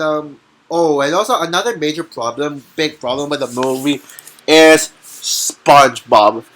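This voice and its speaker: Guy rambling thru a movie review, lots of uh and restarts, gets kinda ranty, normal mid pitch. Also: a bit bright. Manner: rambling, many restarts and fillers; heated and ranting at times. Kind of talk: casual spoken film review.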